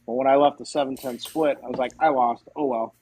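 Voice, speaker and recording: Give me a man telling casual stories as a podcast guest, acting out what people said, average pitch. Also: fairly quick, husky, poor audio. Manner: animated, acts out quoted dialogue. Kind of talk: casual storytelling.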